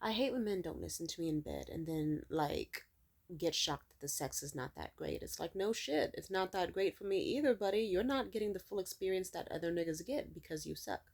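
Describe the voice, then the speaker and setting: A woman's voice: lowish voice, a little fast, gravelly. Blunt, profane young woman vlogging. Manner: blunt, profane, animated storytelling. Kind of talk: casual venting to camera.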